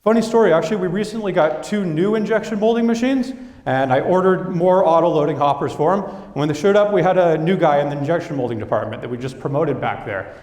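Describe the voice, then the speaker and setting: A man's voice: a little high, fast. A young adult man giving a business presentation to an audience, telling stories with energy and acting out what coworkers said. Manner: lively storytelling, acting out quoted coworkers. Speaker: business speaker. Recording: echoey hall.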